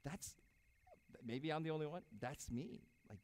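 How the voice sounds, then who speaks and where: A man preaching a sermon as pastor, animated, swinging between loud emphasis and soft asides. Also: medium pitch, normal speed. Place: church sanctuary. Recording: hall reverb.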